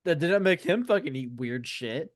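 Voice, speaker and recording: A man's voice: a little high, lively intonation, moderate pace, no room sound, clean studio sound. A man co-hosting a podcast, in casual, swearing chat. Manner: laughing, swearing, retells scenes. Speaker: podcast co-host.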